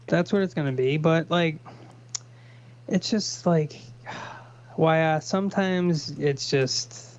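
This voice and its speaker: A halting, sighing man on a muffled call. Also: on the high side. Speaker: co-host. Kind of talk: casual livestream chat. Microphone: online call.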